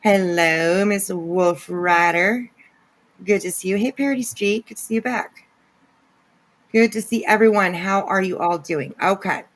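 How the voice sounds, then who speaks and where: A woman's voice: medium pitch, a little slow, low-quality recording. A woman hosting a casual livestream, greeting chatters by name with giggly asides. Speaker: livestream host. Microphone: no camera, voice only.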